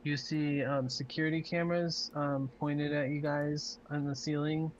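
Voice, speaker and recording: Flat-voiced game master with a muffled sound. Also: mid-range voice, normal speed, a little hiss or hum. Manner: relaxed, hesitant with frequent ums. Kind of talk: narrating a tabletop game.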